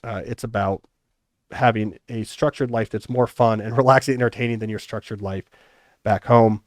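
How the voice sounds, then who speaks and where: A man's voice: fairly low pitch, normal speed, no echo, clean studio sound. Casual middle-aged man hosting a podcast. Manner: relaxed, reflective, thinking aloud. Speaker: podcast host. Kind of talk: casual chat.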